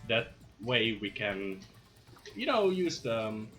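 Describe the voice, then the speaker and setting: A man's voice: medium pitch, sing-song, slow, long pauses, fairly bright tone, soft background music. A man commentating his own speedrun live, playful and hyped, with jokey asides.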